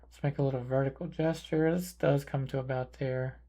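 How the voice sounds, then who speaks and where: A man calmly talking through a portrait painting tutorial, thinking aloud as he paints. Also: medium pitch. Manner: calm, unhurried, thinking aloud while painting. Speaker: painting instructor. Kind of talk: relaxed painting tutorial narration.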